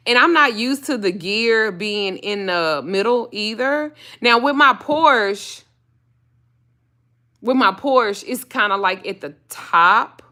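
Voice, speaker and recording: A middle-aged woman hosting her channel, telling a personal story in a blunt, profane, casual way. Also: pushed and bright. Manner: profane and blunt, jumps up high when acting out her own panic.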